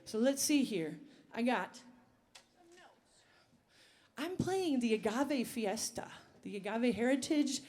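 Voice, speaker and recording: A woman's voice: on the high side, expressive, takes it slowly, pauses often, a little mellow. A woman singer and bandleader talking to the crowd between songs, chatty and rambling, on an outdoor festival stage.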